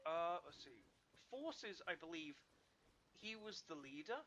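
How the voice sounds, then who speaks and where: A man's voice: on the high side, big pitch swings, takes it slowly, sharp tone, muffled recording, a little hiss or hum. A man streaming a game, rambling and thinking aloud in casual commentary with many restarts.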